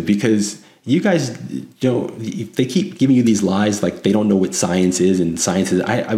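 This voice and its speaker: A man's voice: lowish voice, a little mellow, roomy sound. A man from California hosting an opinionated commentary monologue, combative and sarcastic, with frequent restarts. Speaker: commentary show host.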